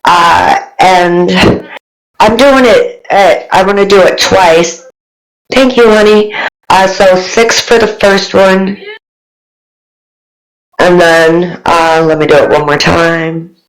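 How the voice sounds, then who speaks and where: Slow-talking woman playing a tabletop game. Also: on the low side, fairly even intonation, poor audio. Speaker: player. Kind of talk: casual tabletop role-play.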